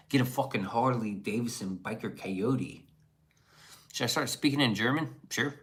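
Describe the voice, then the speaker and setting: A man's voice: medium pitch, fairly bright tone. A man streaming live, reading chat messages aloud and riffing on them in loose, profane, casual talk.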